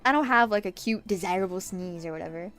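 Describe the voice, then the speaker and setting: A sick young woman streaming from her desk at home, rambling casually and swearing, with sudden loud yelps. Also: mid-range voice, fast, faint music behind. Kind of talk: casual chat while painting nails.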